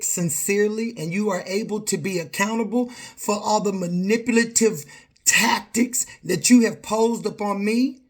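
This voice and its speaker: A middle-aged woman talks straight to camera. She is confrontational and emphatic. She hammers her points with repeated phrases. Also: mid-range voice. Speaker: vlogger. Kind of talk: direct-to-camera rant.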